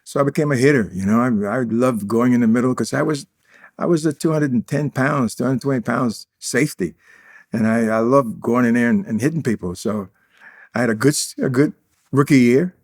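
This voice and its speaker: A man in his eighties from Indiana, a guest in an interview, telling stories boastfully and acting out the dialogue. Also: medium pitch. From Indiana, USA. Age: 80s. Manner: boastful, acts out quoted dialogue. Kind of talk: casual interview storytelling.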